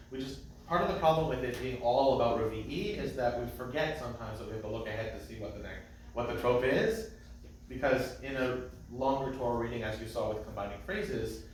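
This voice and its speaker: A man's voice: medium pitch, slight background noise. A man teaching a trope class as cantor, who speaks patiently and chants the phrases. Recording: echoey room, mic at a distance.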